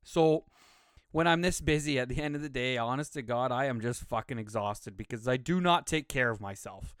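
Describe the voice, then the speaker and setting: A man's voice: medium pitch, normal speed, fairly bright tone, clean tone, dry recording, clean studio sound. Profane, rambling young male podcast host. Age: young adult. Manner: casual, profane, rambling, self-mocking. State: slightly out of breath. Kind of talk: solo podcast monologue. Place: home studio room.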